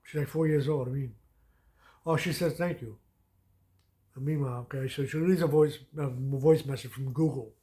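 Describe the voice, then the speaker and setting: Man, mid pitch, casual rant, profane, rambling, repeats filler phrases. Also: steady tone, brisk, mellow. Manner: profane, rambling, repeats "you know what I mean". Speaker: vlogger.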